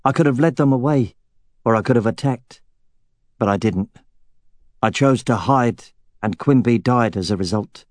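A man voicing a grim young man in an audiobook, speaking low and measured. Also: dry recording, natural voice. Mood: cold.

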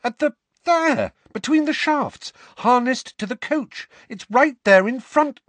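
A man's voice: high-pitched, wildly swooping pitch, measured pace, fairly bright tone, no room sound, pitched above the performer's own voice, exaggerated voice. A man voicing an urgent, insistent teenage boy wizard.

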